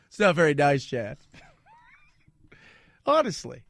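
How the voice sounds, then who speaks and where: A man hosting a talk radio show, giving an opinionated monologue in an animated, sarcastic way, often laughing. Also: a little high, measured pace, creaky, pauses often, slightly rough, no echo, studio quality.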